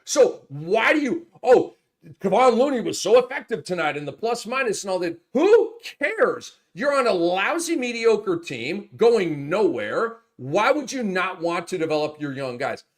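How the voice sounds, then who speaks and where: A man hosting a fantasy basketball show, talking in animated, casual chat that swings from muttering to loud, swearing outbursts. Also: high voice, unhurried.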